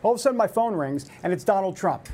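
A man's voice: high-pitched, expressive, fast, warm tone, soft background music. Chatty New man hosting a talk show. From New York. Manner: chatty storytelling with many fillers and restarts. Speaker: host. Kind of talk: casual talk show monologue.

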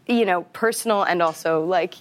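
A woman's voice: fairly low pitch, normal speed. A woman actor talking casually in an interview, chatty with many fillers and frequent laughter. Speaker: actor guest.

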